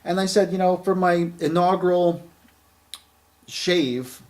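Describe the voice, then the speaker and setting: A man's voice: sits high, slow, a little mellow. Rambling man in his thirties. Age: 30s. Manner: rambling, repeats words and uses many fillers; friendly and enthusiastic. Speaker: shaving product reviewer. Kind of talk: casual spoken review.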